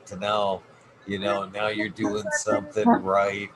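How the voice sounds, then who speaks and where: A man hosting a podcast, talking in a relaxed, conversational way with casual fillers. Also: fairly low pitch, unhurried. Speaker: podcast host. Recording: noisy room ambience.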